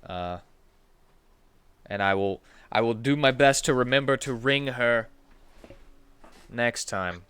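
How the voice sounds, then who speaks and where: A man narrating a tabletop game as dungeon master, animated and halting, with restarts. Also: mid-range voice, smooth.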